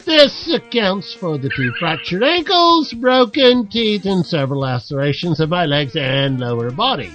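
A man's voice: very animated, over music. A man voicing a battered man who recounts his injuries, in a put-on mix of Irish and Australian accents, in a comedy sketch. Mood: aggrieved. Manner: loud, high and rushed storytelling.

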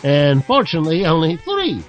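A man puts on a battered everyman who pours out his woes in a loose Irish-Australian accent, pitched high and running fast. The delivery swings up and down with lively intonation. Faint music plays behind the comedy sketch. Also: muffled recording. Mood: aggrieved. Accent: put-on mix of Irish and Australian. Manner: loud, high and rushed storytelling.

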